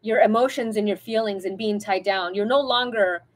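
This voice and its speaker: A woman's voice: mid-range voice, normal speed. A woman giving a casual pick-a-card tarot reading, talking in a chatty, rambling, spiritual way straight to her viewers.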